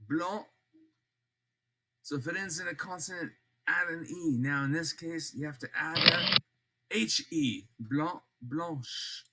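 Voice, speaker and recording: Slow older man teaching, noisy recording. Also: a little high, lively intonation. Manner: slow and repetitive, drawing out example words, joking asides. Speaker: French teacher. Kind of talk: classroom grammar lesson. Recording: loud background noise.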